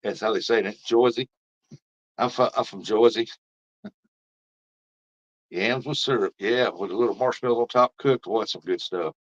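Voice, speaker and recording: A fairly low-voiced man hosting a fishing live stream, talking in a loose, rambling way and reading viewer comments aloud. The audio is dull and lo-fi, like a basic stream mic. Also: moderate pace, long pauses. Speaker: fishing livestream host. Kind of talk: casual live-stream chat.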